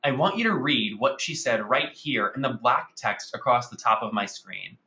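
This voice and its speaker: A man's voice: medium pitch, normal speed, roomy sound, muffled recording. Upbeat man hosting a marketing webinar. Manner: energetic, salesy, addresses audience as guys. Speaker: webinar host.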